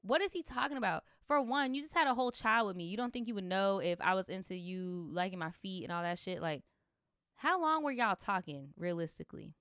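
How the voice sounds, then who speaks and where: A young woman reads viewer stories on a livestream and breaks in with sassy, animated, profane reactions. Her voice sounds smooth and clear, and the sound is dry and close. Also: medium pitch, brisk, dry recording. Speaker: streamer reading viewer stories. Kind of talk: livestream story reading with commentary.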